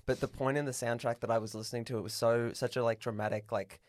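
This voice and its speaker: A man's voice: medium pitch, fairly even intonation, fast talker, dry recording, studio quality. A man co-hosting a podcast in casual chat, telling stories in a rambling, hesitant way with many fillers. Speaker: podcast co-host.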